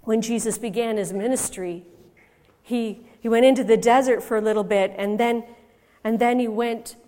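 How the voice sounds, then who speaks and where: A woman giving a first-person dramatic monologue as a biblical mother, storytelling expressively and swinging from hushed to loud. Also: on the high side, fairly even intonation, moderate pace. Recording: long reverb in a large hall.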